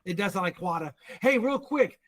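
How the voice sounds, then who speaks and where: High-voiced, animated American man. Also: brisk. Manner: animated storyteller. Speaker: guest. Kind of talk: casual livestream chat.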